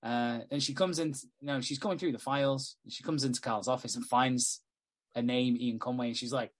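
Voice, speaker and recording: Medium-pitched and fast with fairly even intonation, this podcast host chats casually through a soap episode, voicing its characters, cursing frequently and laughing readily.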